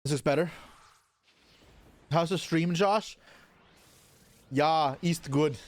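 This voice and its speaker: A man's voice: fairly high pitch, slow pace. A young man chatting casually on a live stream, answering his chat aloud while opening card packs, with offhand swearing. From Canada.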